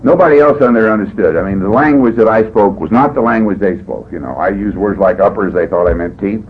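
An older man telling his story at a meeting, folksy and jokey, his pitch swooping up and down as he acts out the scenes. The sound is dull and lo-fi, with a faint hiss under it. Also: animated, quick pace. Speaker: recovery meeting speaker.

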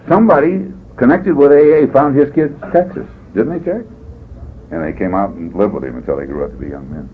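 An older man sharing his story at a recovery meeting, folksy and jokey in an animated storytelling way. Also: on the low side. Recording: dull lo-fi tape with faint hiss.

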